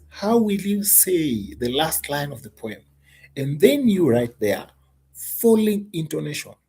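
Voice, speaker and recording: A man teaches an exam tutorial in a low, mellow voice with a husky edge. He speaks emphatically, repeats key points and poses rhetorical questions to his students. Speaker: English teacher.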